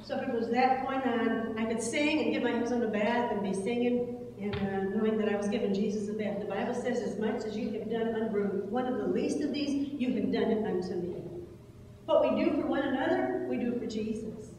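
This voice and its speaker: Older woman, earnest church testimony, higher voice, far-off echoey hall. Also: dark tone, slight background noise. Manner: earnest storytelling with halting restarts. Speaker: speaker at a church service. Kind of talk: personal testimony sermon. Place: church sanctuary.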